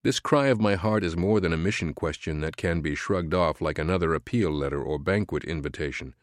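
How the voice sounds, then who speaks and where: A man reading a Christian missions book aloud as an audiobook, in an earnest, measured, preaching tone. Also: sits low, no room sound, clean studio sound. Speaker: audiobook narrator. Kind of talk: scripted audiobook narration.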